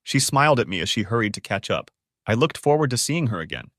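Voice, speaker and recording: A man's voice: mid-range voice, sing-song, quick pace, fairly bright tone, no echo, clean studio sound. A man narrating a first-person story in a scripted storytelling style.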